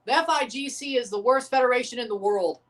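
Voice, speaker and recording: Speaking fast in a very high, slightly bright voice, a man hosts a live sports watchalong and rants with profanity, repeating himself. The mic is distant, so his voice sits a bit off it.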